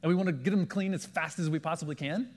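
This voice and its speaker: A man preaching a sermon in a lively storytelling way, acting out the voices of the people in his stories. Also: on the high side, quick pace. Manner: animated, acts out quoted voices. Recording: long hall reverb.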